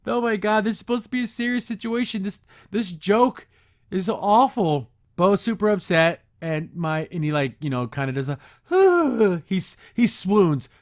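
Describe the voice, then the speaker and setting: A man's voice: high-pitched, lively intonation, a little slow. A man hosting a podcast, recapping and reacting to a cartoon episode in a sarcastic, exasperated rant.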